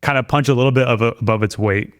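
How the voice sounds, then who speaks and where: A man's voice: medium pitch, very fast, no echo, clean studio sound. A man talking as a podcast guest in casual chat, rambling with many restarts and fillers.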